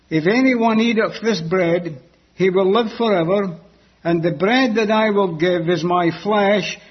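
A man preaching a sermon, slow and emphatic, repeating key phrases, on a dull lo-fi recording. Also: sits high, husky.

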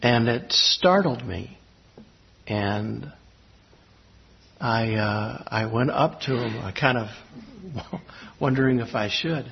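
Male preacher, mid-pitched, halting and reflective, muffled lo-fi recording. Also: expressive, vocal fry. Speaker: pastor. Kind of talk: sermon with personal storytelling. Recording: slightly dull lo-fi recording.

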